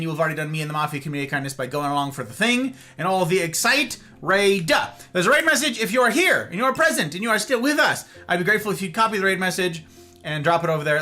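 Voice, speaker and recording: A man streaming live, chatting casually and rambling straight to his viewers. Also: on the high side. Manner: animated, rambling, talks straight to chat.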